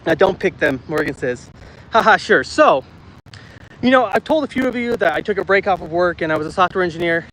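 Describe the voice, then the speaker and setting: Guy in his 30s live streaming on a walk, kinda high voice, chatty, reads chat out loud, faint city noise behind. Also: expressive, a little fast, rough recording. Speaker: livestream host. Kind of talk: casual walking livestream chat. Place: city park outdoors. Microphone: phone held while walking.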